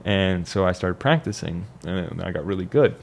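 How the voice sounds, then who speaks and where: A man's voice: low-pitched, expressive, normal speed, vocal fry. A young man talking casually and reflectively about his life, rambling with restarts and fillers. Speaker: vlogger. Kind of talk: casual personal monologue.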